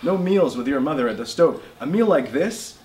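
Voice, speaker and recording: A man's voice: fairly high pitch, animated, moderate pace, close to an everyday voice. A man reading the part of a stubborn old immigrant grandfather who talks in clipped, emphatic English. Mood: indignant. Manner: emphatic, insistent, raised and louder voice. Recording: roomy bookshop with faint noise.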